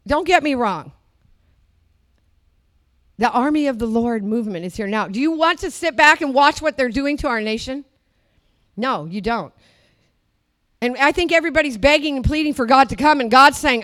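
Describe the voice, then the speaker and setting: Fervent high-voiced older woman preacher. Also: animated, moderate pace, long pauses. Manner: fervent, swings from loud declarations to low murmured asides. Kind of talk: sermon.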